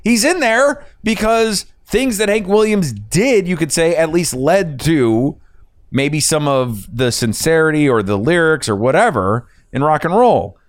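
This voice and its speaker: In a casual podcast chat, the male host rambles, swears and laughs at his own stories. He's a little high and a little slow, with lively intonation, recorded dry at studio quality.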